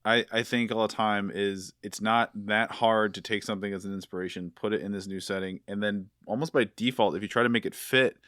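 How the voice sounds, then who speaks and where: Podcast host guy, kinda low voice, enthusiastic and chatty, dry close mic. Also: steady tone, fairly quick, hardly any pauses, a bit bright, clean tone, dry recording. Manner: enthusiastic, chatty, with filler words. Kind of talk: casual podcast interview. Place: podcast studio.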